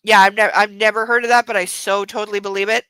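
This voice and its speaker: A woman hosting a book club livestream, chatting casually and reading aloud, giggling and exclaiming in loud reactions. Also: medium pitch, level tone, fast talker, smooth, dry recording, low-quality recording.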